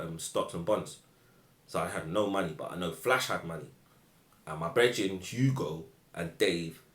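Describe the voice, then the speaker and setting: A man telling a casual anecdote, full of slang, acting out the people he quotes in loud shouted bursts. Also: deep voice. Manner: animated, acts out shouted quotes, slang-heavy. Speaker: guest storyteller. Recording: echoey room.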